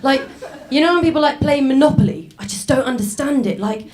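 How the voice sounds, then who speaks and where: A woman's voice: sits high, expressive, brisk, darkish tone, slight background noise. Chatty self-mocking young woman. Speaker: stand-up comedian. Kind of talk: stand-up set. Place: stage before a live audience.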